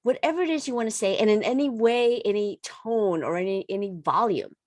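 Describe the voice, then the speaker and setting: A woman holistic coach giving a casual motivational talk, animated and repeating words for emphasis. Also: medium pitch, fairly quick, dry recording, clean studio sound.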